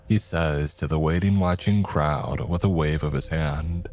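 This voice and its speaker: Give me a man with an extremely low voice narrating a horror story, measured, over faint music. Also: steady tone, a little mellow.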